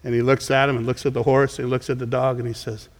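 A man's voice: medium pitch, level tone, fast talker. A man preaching a sermon as pastor, in a conversational way, often repeating words and restarting as he goes. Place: church sanctuary. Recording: long reverb of a large hall.

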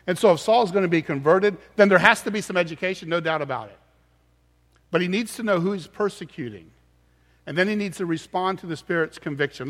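A man's voice: a little high, a bit bright, big-room sound. A man preaching a sermon as pastor, earnest and explanatory, often restarting his words.

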